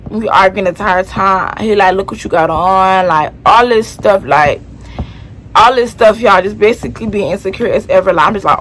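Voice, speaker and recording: A woman's voice: mid-range voice, fairly bright tone, slight background noise, poor audio. A young woman from Florida telling a personal story in a casual storytime vlog, chatty and slangy, often turning to her viewers. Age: young adult. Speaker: vlogger.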